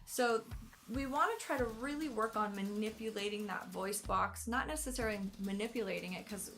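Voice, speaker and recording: A woman's voice: medium pitch, fairly quick, a bit bright, slight background noise. An American woman, a singing teacher, explaining vocal anatomy in a casual way and often hedging with "kind of". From United States.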